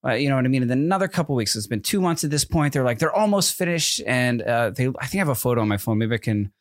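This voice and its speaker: A man's voice: mid-range voice, very fast, dry recording, clean studio sound. A man in his thirties, co-hosting a podcast in casual chat, rambling through a story with many fillers and acted-out quotes. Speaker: podcast co-host.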